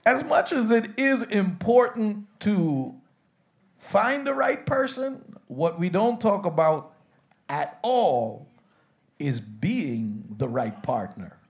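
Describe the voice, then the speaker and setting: In a church sanctuary full of congregants, a man preaches a jokey sermon as their pastor, urging them to answer back. His voice sits high, sing-song and creaky, and he speaks slowly.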